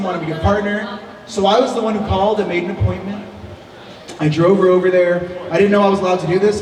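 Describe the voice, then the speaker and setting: A man with a fairly high voice performs stand-up on a club stage, chatting and riffing with the audience. The sound is roomy and distant, with a long echo. A lively crowd fills the background. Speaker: stand-up comedian. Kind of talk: stand-up comedy set. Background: audience laughter and chatter.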